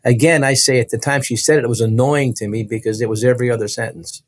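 A man recounting a personal testimony as a guest, earnest and halting, often restarting his sentences. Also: medium pitch, fairly even intonation, dry recording.

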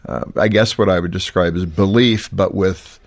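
Low-voiced guy hosting a faith interview, easygoing chatty. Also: normal speed, creaky. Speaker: host.

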